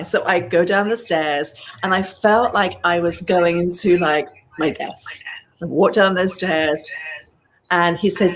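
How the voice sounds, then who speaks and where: A British woman in her sixties, an animated storyteller who talks straight to her listeners in an interview. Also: fairly low pitch, slow pace, poor audio. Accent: British English. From England. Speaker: guest hairdresser and educator.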